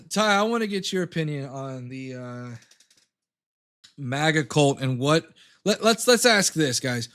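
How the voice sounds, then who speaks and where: A man's voice: fairly high pitch, lively intonation, a little slow, pauses often, a bit bright. A man hosting a casual livestream talk show, rambling and hesitant with many fillers.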